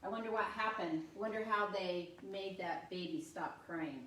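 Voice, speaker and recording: A woman's voice: lowish voice, normal speed, fairly bright tone, a little hiss or hum. An older woman giving an informal talk to parents about reading stories aloud, chatty and acting out short voiced examples. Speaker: parenting workshop presenter. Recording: echoey room, voice from a distance.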